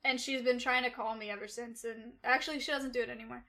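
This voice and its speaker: Bright-voiced young woman streamer. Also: fairly high pitch, steady tone, quick pace. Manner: rambling, loose and swearing, full of "like". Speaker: livestreamer. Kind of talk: casual livestream chat.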